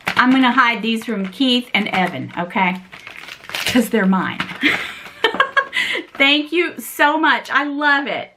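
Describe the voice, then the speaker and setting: A woman's voice: a little high, expressive, unhurried, noisy background. A woman vlogger unboxing gifts in a casual chat, gushing and sentimental, often breaking into laughter. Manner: sentimental and emotional.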